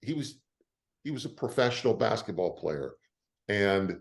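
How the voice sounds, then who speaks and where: An older man with a lowish voice tells stories in a relaxed interview. He is animated and often jumps into the voices of the people in his stories. His delivery is casual and conversational. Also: normal speed, gravelly, long pauses. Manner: animated storyteller who acts out the quoted lines of others. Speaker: actor, interview guest.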